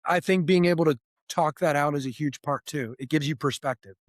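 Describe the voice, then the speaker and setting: An earnest male host reflects thoughtfully, drawing on his own experience as he responds. His voice sits a little high for a man, and the sound is dry and close. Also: fairly quick, no room sound. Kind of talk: conversational interview.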